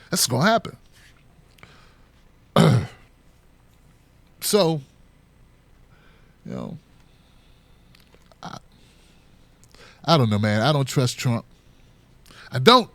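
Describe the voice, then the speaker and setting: A man's voice: mid-range voice, wildly swooping pitch, very slow, long pauses, a bit bright, dry recording. A middle-aged man hosting a casual solo commentary, joking loosely and acting out other people's voices. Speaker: political commentary host.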